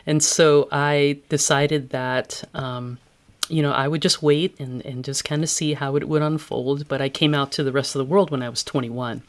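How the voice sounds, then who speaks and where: A woman's voice: low voice, fairly even intonation, normal speed. A woman-voiced podcast guest telling personal stories candidly and reflectively, laughing easily. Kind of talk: personal storytelling in interview.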